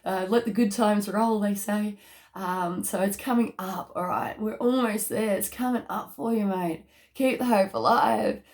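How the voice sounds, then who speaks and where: A woman doing a casual tarot card reading, chatty and excitable, with casual slang and bursts of laughter. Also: medium pitch, unhurried.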